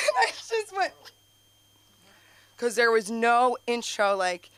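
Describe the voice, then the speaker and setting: A young woman doing open-mic stand-up, rambling with lots of fillers and sudden high jumps in her voice. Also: sing-song, moderate pace, long pauses, smooth, no echo. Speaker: stand-up comedian. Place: comedy club stage.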